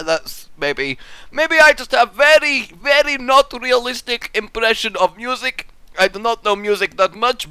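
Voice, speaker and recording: A man hosts a gaming video with playful, self-mocking rambling. His voice is high and crisp, recorded close with no room sound. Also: animated, normal speed, sharp tone, dry recording. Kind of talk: casual game commentary.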